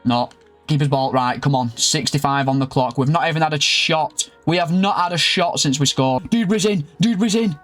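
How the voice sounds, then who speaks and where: A young man giving lively play-by-play of a football game and calling out to his viewers as lads and boys. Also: medium pitch, normal speed, faint music behind. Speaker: gaming YouTuber. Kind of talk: excitable football game commentary.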